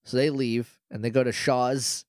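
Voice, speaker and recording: A man co-hosting a podcast, retelling a movie in a rambling, joking way and acting out its lines in quick quoted voices. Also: mid-range voice, fairly even intonation, a little mellow, dry recording, clean studio sound. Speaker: podcast co-host. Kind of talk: casual movie recap chat.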